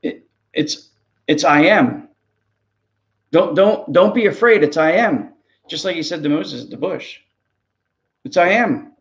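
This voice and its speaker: A man's voice: a little high, lively intonation, a little slow, long pauses, muffled recording. A man, a ministry pastor, preaching a sermon in an earnest, conversational way, often repeating words as he goes.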